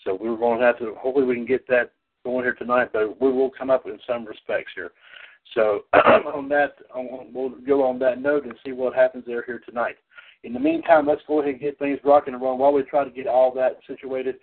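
A man hosting a wrestling call-in podcast, rambling with many restarts and repeated "ladies and gentlemen". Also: mid-range voice, little pitch movement, brisk. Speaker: podcast host. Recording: tinny phone-line audio.

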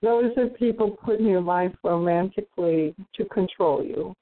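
Earnest low-voiced woman on a phone line. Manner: earnest, thoughtful, many pauses and fillers. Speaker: call participant. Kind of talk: casual call-in chat.

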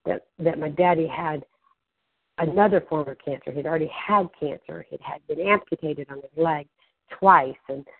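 Gravelly-voiced woman preaching over a tinny line. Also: sits low, no room sound. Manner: fervent, stretches key words slowly. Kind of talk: testimony sermon. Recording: tinny phone-like line, dry.

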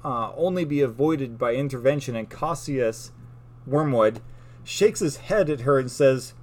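A man co-hosts a relaxed podcast, recounting lore with an animated, storytelling manner. His voice sits at an ordinary pitch for a man, and he laughs easily between points. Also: measured pace, slight background noise. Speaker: podcast co-host. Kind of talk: casual lore chat.

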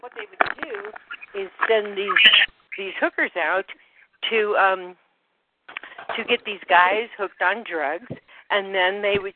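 A woman on a group phone call, slightly out of breath, talking in a halting way that trails off with many fillers. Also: on the low side, no echo. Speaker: call participant. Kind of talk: rambling phone call chat. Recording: dry phone-line audio.

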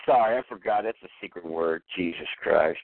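A man's voice: sits low, brisk, gravelly. A man hosting a live stream radio show, swearing nonstop in an angry rant while drinking. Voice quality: heavy swearing, combative. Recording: tinny phone-like line, faint music.

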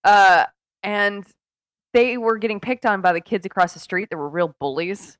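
A woman's voice: mid-range voice, lively intonation, moderate pace, no room sound. A woman co-hosting a podcast in casual chat, giggling and self-deprecating as she tells a story. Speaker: podcast co-host.

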